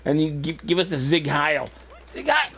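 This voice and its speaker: A man's voice: a little high, fairly even intonation, normal speed, background noise. A man bantering crudely as a streamer co-host, joking and laughing often while he plays. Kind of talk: casual gaming-stream banter.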